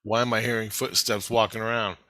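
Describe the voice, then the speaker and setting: A man telling a rambling, profane story in casual vlog style, getting excited as he goes. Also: fairly low pitch, a little fast, dry recording. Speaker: vlogger.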